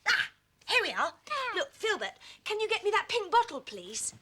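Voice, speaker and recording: A woman playing a scatty, good-natured young witch on a children's TV show, expressive and easily flustered. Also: very high-pitched, heavily acted. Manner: bright and expressive, quick to fluster. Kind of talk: children's TV acting. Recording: hissy VHS tape.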